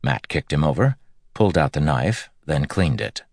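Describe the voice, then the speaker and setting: A man narrating a story in an audiobook, with steady, measured storytelling. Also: rumbling low, no echo, studio quality. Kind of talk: scripted narration.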